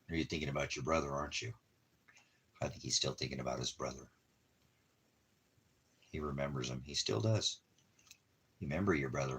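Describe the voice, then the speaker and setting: A man talking softly to his dog in doting, repetitive baby talk, now and then addressing his viewers. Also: a bass voice, slightly rough. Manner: soft, doting baby talk with repeated phrases. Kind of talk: casual talk to a pet.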